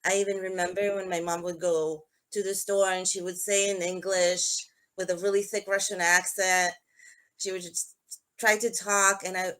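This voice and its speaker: A woman's voice: fairly low pitch, flat delivery, moderate pace, a bit bright. A woman hosting a live-streamed talk show, telling personal stories in an earnest, conversational way. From Georgia. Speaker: host. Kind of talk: live-stream podcast chat.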